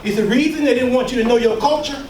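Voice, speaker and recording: A man's voice: very high voice, fast, a little mellow, a little hiss or hum. A man leading a workshop, lecturing a live audience in an emphatic, preacher-like way with call-and-response and mocking asides. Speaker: workshop leader and speaker. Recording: echoey room, mic far off.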